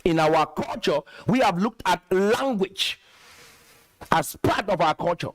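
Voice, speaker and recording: A man's voice: high-pitched, expressive, measured pace, no room sound. A man from Cameroon hosting a commentary video, lecturing emphatically and repeating his points. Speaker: host.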